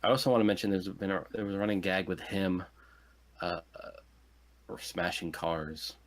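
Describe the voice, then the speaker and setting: A man's voice: deep voice, normal speed. A man co-hosting a podcast, recapping a film's plot in casual, sardonic fragments. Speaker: podcast co-host. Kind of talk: casual movie review chat.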